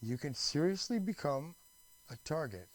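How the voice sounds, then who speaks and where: A man's voice: fairly high pitch, animated, moderate pace, poor audio. A man from Canada talking in a rambling, restless monologue, full of restarts, fillers and swearing. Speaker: vlogger.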